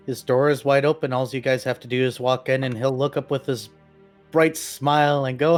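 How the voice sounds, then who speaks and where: A man running a tabletop game as game master, narrating with animated storytelling. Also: mid-range voice, normal speed, faint music behind.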